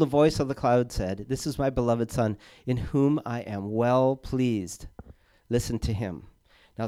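Mellow-voiced man preaching a halting sermon. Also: medium pitch, no echo, studio quality. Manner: halting, with frequent fillers and repeated words. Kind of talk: conversational sermon.

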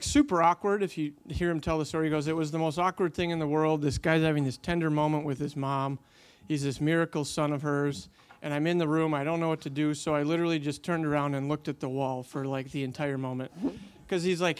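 A man's voice: on the high side, fairly even intonation, fairly quick, few pauses, smooth. A man telling a long faith story in casual conversation, animating the quotes he tells, with many fillers.

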